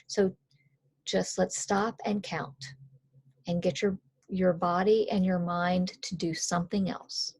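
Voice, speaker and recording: Calm, earnest woman coach with a low, husky, fry-edged voice. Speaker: coach and author. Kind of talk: conversational explainer.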